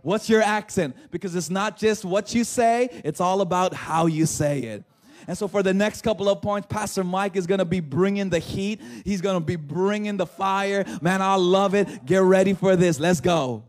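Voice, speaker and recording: A high-voiced man eagerly warms up a congregation before the next speaker. His enthusiasm builds the crowd's anticipation. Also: moderate pace. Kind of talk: hype introduction.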